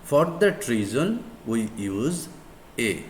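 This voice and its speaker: A man whose first language is Bengali, with a Bangladeshi accent, teaching English grammar in a deliberate lecture style and repeating words and examples for emphasis. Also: mid-range voice, sing-song. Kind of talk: slow classroom lecture. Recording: echoey room with faint background noise.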